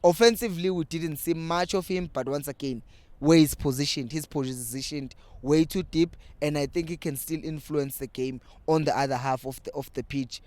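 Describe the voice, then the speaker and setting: A young South African man with a local accent, giving lively casual commentary as host of a football fan channel. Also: a little high, moderate pace, dry recording. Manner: animated, switching between English and Zulu.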